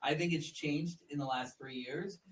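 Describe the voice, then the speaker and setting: A man's voice: on the high side, normal speed, distant mic, slight background noise, rough recording. A man in his forties hosting a casual interview chat, telling stories with repeated words and laughing as he talks. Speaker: podcast host.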